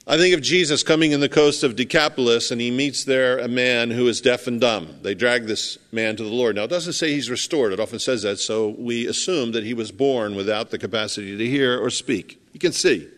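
Male preacher, chatty sermon, acts stuff out, goes loud then real quiet, long church echo. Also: mid-range voice, brisk, few pauses. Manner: conversational, acts out scenes, swings from loud to hushed. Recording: long hall reverb.

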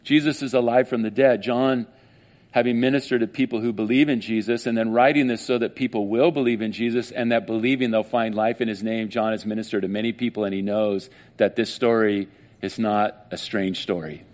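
This pastor's voice sits on the low side, and he moves briskly through his sermon. He retells a story with strong feeling, animatedly performing the voices of its people.

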